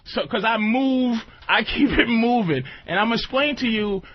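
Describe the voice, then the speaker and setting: This radio talk show host has an extremely high-pitched voice and keeps a moderate pace, cracking loose jokes and often asking if listeners get what he means. The lo-fi radio audio carries a little hiss or hum.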